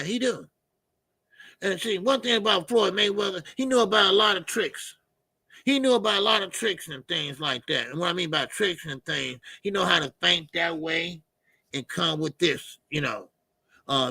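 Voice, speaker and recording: Gravelly, husky man chatting about boxing. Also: fairly high pitch, bright, forceful tone, no room sound. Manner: loose, rambling, repeats himself, answers chat. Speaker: boxing channel host. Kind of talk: casual live-stream commentary.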